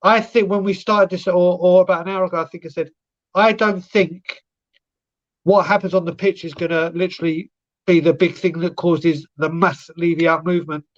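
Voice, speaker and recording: A man's voice: high-pitched, fairly even intonation, normal speed, lo-fi sound. A man co-hosting a live football fan stream, ranting sarcastically and swearing.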